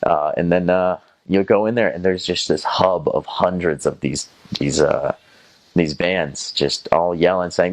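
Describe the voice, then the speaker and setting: A young former missionary from North Carolina, USA, speaks in a low voice at a measured pace with a Southern American accent. He casually recounts stories from his missionary days, rambling with plenty of fillers and restarts and imitating other people's voices.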